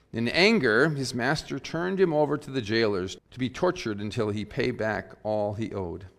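A man serving as pastor, leading worship and giving a sermon in a church, reading scripture in a measured, earnest way with reflective pauses. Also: medium pitch, lively intonation. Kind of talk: liturgy and sermon.

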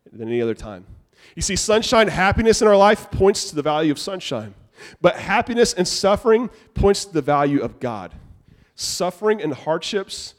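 Male pastor, young adult, sermon in a church, conversational, slightly high voice. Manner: conversational preaching, animated asides. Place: church sanctuary.

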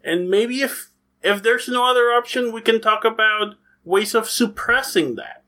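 A man voicing a gentle, human-sized male duck who is a school counselor, in a put-on Scottish accent and a soft, coaxing, fatherly manner. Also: high-pitched, a little slow, pitched above the performer's own voice. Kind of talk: tabletop role-play character voice.

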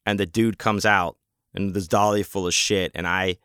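A man's voice: sits low, fairly even intonation, moderate pace, bright, forceful tone, smooth, no room sound, clean studio sound. A man telling a story in a casual, rambling way, heated and full of swearing. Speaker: convention vendor telling a story.

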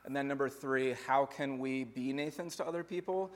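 A young adult man, a pastor, gives a conversational sermon built on numbered points with lively asides. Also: mid-range voice, normal speed.

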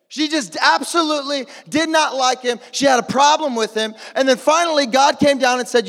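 Energetic preacher, male, high voice, call-and-response, echoey hall. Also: brisk. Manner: energetic, rising to shouts, jokey asides. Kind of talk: lively sermon with call-and-response. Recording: long echo of a large hall.

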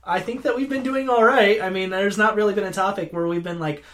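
A man's voice: high voice, a little fast, fairly bright tone, slight background noise. A man hosting a podcast in casual, teasing chat with his co-host. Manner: laughing, teasing.

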